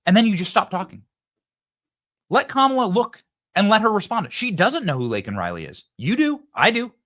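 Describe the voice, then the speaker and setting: A man hosting a political talk show, giving an energetic monologue that repeats phrases and acts out debate lines. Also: high voice, normal speed. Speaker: political commentator and show host.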